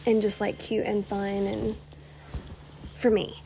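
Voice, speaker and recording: A young woman hosting a casual solo podcast, rambling with lots of "like" and "you know", sometimes dropping into soft whispery asides. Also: medium pitch, level tone, slow, vocal fry, a little hiss or hum. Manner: rambling, chatty, many "like" and "you know" fillers. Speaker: podcast host.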